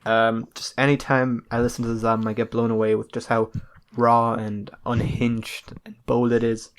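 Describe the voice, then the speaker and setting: A man co-hosting a casual podcast, talking in a flat monotone. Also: medium pitch, moderate pace, clear, resonant tone. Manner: monotone delivery. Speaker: podcast co-host.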